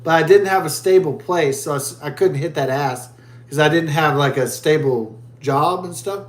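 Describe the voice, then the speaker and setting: Man vlogger, high voice, crude profane rambling, beer in hand, echoey room. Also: moderate pace. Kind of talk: rambling storytelling while drinking beer.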